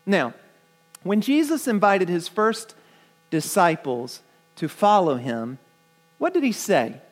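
A man's voice: sits high, very animated, takes it slowly, soft background music. A man preaching a sermon to his congregation, earnest, often repeating words and asking the listeners questions. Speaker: pastor.

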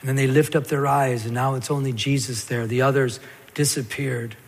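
A man preaching a sermon as a pastor, telling the scripture story in a lively way and acting out the stammering parts. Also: medium pitch, normal speed. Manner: animated storytelling, acts out Peter's stammer. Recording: long hall reverb.

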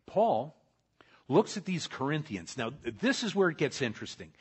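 A man preaching a sermon to his congregation, swinging between loud emphatic lines and soft quiet ones and talking directly to the people in front of him. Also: fairly high pitch, sing-song, normal speed, breathy edge. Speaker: pastor.

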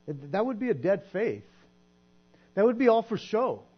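A man's voice: sits high, gravelly, slightly rough. A man preaching a sermon in an earnest, conversational way, often repeating words as he goes. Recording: dull lo-fi recording with mains hum.

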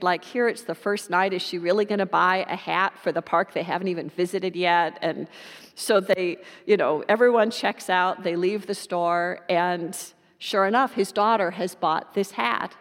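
A woman preacher telling a story in a sermon, in an unhurried, warm anecdotal way. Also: on the low side, big-room sound.

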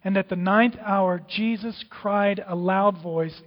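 A man preaching a sermon, dramatic, swinging from loud outbursts to hushed whispers. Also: high-pitched, takes it slowly. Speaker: pastor. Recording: dull, with long hall reverb.

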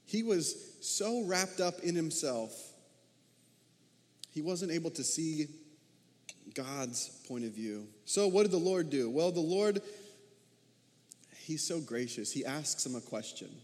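A man in his thirties preaching a sermon as a pastor, talking in an animated way and asking his listeners many questions. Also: on the high side, slow pace, pauses often. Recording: long reverb of a large hall.

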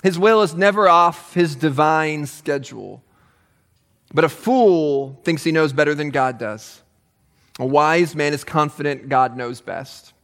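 A man preaching a sermon as pastor, animated and emphatic, with touches of humor. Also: a little high, long reverb tail.

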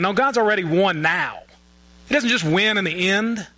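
A man's voice: high voice, normal speed, bright, forceful tone, rough recording. A man preaching a sermon as pastor, earnest and often restarting his phrases.

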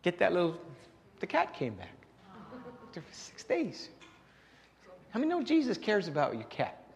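A man's voice: high-pitched, wildly swooping pitch, moderate pace, creaky. A man preaching a sermon in a conversational way, often repeating words and asking the congregation rhetorical questions. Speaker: pastor. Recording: long hall reverb.

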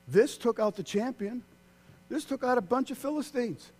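A man preaching a sermon, swinging from loud, excited outbursts to hushed, quiet passages. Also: extremely high pitch, moderate pace, slight background noise.

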